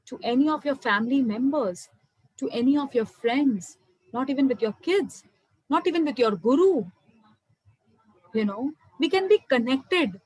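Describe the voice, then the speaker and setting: A woman's voice: high voice, slightly rough, dry recording, rough recording. A young woman giving an earnest spiritual talk on meditation, often calling her listeners "my dear friends". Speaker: meditation speaker. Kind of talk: spiritual talk to an online audience.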